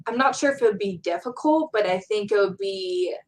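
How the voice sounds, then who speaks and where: A woman's voice: medium pitch, expressive, a little fast, darkish tone, a little hiss or hum, rough recording. A young woman, a college student in her Gen Z years, talking earnestly and heartfelt as an interview guest about motivating students. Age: young adult. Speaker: guest speaker. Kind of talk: casual interview chat.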